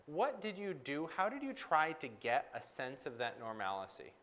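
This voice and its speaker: Lively-voiced man coaching with probing questions. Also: on the high side, normal speed. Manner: reflective, probing questions with frequent affirmations. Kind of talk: live-stream coaching conversation.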